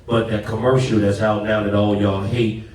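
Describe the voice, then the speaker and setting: A man with a lowish voice, earnest and grateful as he speaks of faith in casual stage chat. He sounds distant from the mic in a very reverberant theater. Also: little pitch movement, normal speed, darkish tone, slight background noise. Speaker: comedian on a live stage talk.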